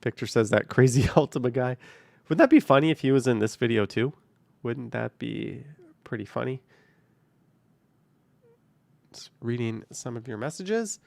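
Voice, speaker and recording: Driving through the city, a young streamer hosts a relaxed live stream from his car, answering questions, reading viewer messages and thanking supporters. His voice is mid-range, expressive, creaky and a little mellow at normal speed, in a dry recording.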